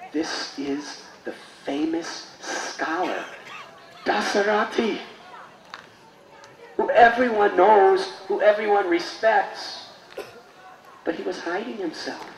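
A man, a spiritual teacher, telling a sacred story in a sermon with reverent, expressive delivery. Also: high-pitched, gravelly. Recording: roomy space with faint noise.

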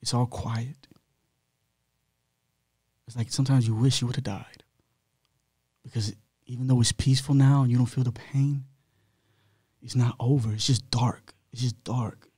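A man's voice: medium pitch, level tone, measured pace, pauses often, mellow, breathy edge, no echo, studio quality. A man as a podcast guest, telling his own story in a candid, blunt way, full of slang and swearing.

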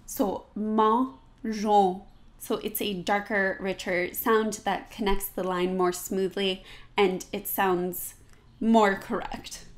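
A woman's voice: medium pitch, level tone, takes it slowly. A woman teaching singing diction, speaking patiently and modelling each word for the viewer to repeat. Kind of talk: diction lesson.

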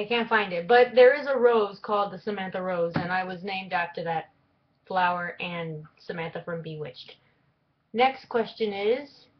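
A young woman talks casually to her camera in a middle-pitched voice, rambling through a list of questions with plenty of fillers. The audio is a bit dull and lo-fi, like a home video recording. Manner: chatty and rambling, with frequent fillers. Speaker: vlogger. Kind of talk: casual tag video chat.

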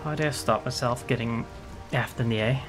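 A man's voice: mid-range voice, moderate pace, over music. A man streaming a survival game, talking casually to himself, swearing and jumpy as things go wrong. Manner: excitable, swears a lot, jumpy. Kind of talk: casual gameplay commentary.

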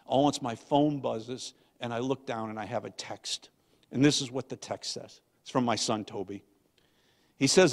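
An older man, a guest pastor, telling a family story in a sermon, swinging from loud to hushed. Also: mid-range voice, moderate pace. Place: church sanctuary. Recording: long church hall reverb.

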